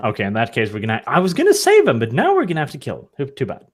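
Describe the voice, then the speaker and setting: A man's voice: medium pitch, huge pitch swings, rapid-fire. A man playing a tabletop game, joking and swearing casually. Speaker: player.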